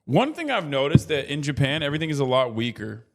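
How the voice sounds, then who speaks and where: An American man in his thirties doing casual livestream commentary, talking to his chat with profane, animated rants. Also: mid-range voice, quick pace. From United States. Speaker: streamer reacting to chat.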